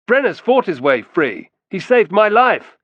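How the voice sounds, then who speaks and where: A man's voice: high voice, very animated, measured pace, a bit bright, dry recording, dull audio, pitched above the performer's own voice, heavily acted. A man voicing an earnest young soldier in an audiobook, making raised, pleading protests. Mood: indignant.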